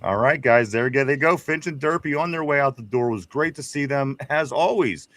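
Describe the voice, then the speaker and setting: A man's voice: medium pitch, normal speed, fairly bright tone, no room sound. A man with a Pittsburgh accent hosting a live sports stream, reading viewer comments aloud in a rambling, casual way. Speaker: podcast host.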